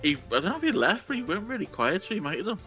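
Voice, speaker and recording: A man from the UK recounts events in easy podcast chat, laid back and amused. His voice is noticeably bright, with an ordinary middle pitch. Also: big pitch swings, quick pace, highs cut off, soft background music. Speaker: podcast co-host. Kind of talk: casual chat.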